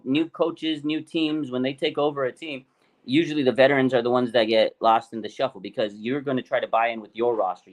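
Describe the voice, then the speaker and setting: A man co-hosting a sports talk show, chatting excitedly and acting out quotes with big swings in his voice. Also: mid-range voice. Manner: animated, hyped, acts out quotes. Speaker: podcast co-host. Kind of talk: excited casual sports chat.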